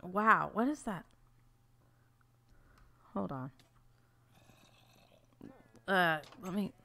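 A woman's voice: lowish voice, very slow, vocal fry, sharp tone. A woman hosting a let's-play, chatting casually through her gameplay, easily flustered and full of exclamations and restarts.

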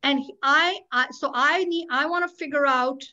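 A woman's voice: high voice, moderate pace, pushed and bright, muffled recording. An older woman, a public interest lawyer, talking candidly and animatedly on a webinar panel, with sarcastic asides. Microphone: video call.

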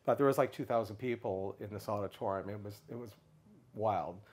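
A middle-aged man telling a long personal story in a casual interview, animated, and briefly raising his voice to act out what others said. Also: fairly quick, husky. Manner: animated storyteller, acts out others' lines in a raised pitch. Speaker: guest speaker.

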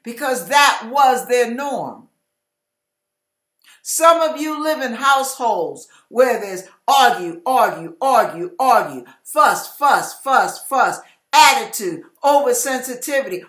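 A woman's voice: a little high, animated, takes it slowly, fairly bright tone, echoey room. A woman giving an emphatic, repetitive sermon-style Bible teaching, acting out everyday quarrels in quoted voices. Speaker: Christian teacher.

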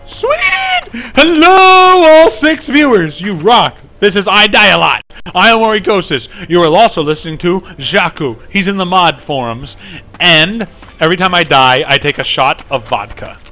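A man's voice: fairly high pitch, normal speed, bright, forceful tone. A man hosting a casual game live stream, chatting with viewers, rambling and humming along as he plays. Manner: rambling, chatty, hums tunes and laughs often. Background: faint game music.

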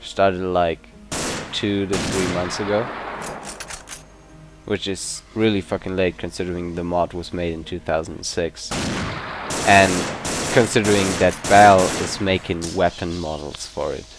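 Low-voiced guy, non-native english, cursing thru a shooter game, game music and gunfire behind. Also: unhurried. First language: not English. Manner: excitable, swears often. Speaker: let's play host. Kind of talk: gameplay commentary.

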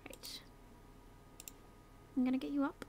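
A woman's voice: high-pitched, little pitch movement, measured pace, creaky, a little mellow, slight background noise. Chatty British woman gaming commentary. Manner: chatty, drops into whispers and silly voices, swears casually. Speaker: gaming YouTuber. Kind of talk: casual let's-play commentary.

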